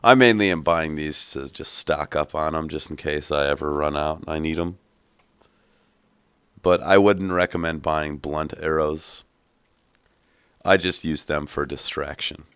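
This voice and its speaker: Very deep-voiced man doing profane game commentary. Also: fairly even intonation, unhurried, fairly bright tone, clear, resonant tone, dry recording. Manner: casual, profane, joking. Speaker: gaming channel host. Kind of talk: gameplay commentary.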